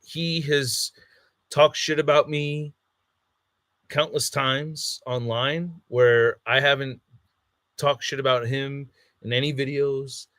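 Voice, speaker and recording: A man's voice: mid-range voice, steady tone, slow, fairly bright tone, dry recording, studio quality. A man on a podcast, telling a heated story in casual chat, swearing a lot and acting out what people said. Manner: heated storytelling, heavy swearing, acts out quotes. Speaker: podcast co-host.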